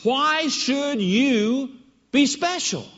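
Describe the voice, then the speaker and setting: Man playing a blunt exasperated wife, high swooping voice, echoey hall. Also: animated, very slow, fairly bright tone, heavily acted. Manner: exasperated, matter-of-fact. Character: wife, middle-aged woman, blunt and unimpressed. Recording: dull echoey hall recording.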